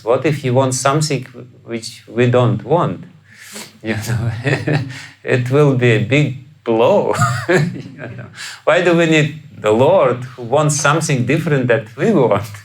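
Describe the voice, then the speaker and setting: A man's voice: mid-range voice, rough recording. A man with a Russian accent lecturing on scripture as a spiritual teacher, chuckling often and asking rhetorical questions. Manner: acts out quoted voices with sudden loud outbursts. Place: lecture hall.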